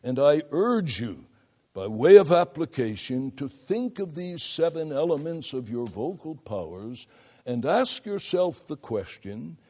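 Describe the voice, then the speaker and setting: An older man teaching students of preaching in a deliberate, emphatic lecture, stopping to demonstrate vocal effects himself. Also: a little high, big pitch swings, a little mellow. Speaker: preaching instructor.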